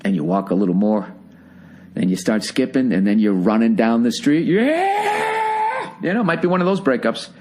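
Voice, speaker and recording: A man's voice: lowish voice, animated, fairly quick, darkish tone. A man hosting a podcast, giving blunt advice in a rambling, profane, casual monologue.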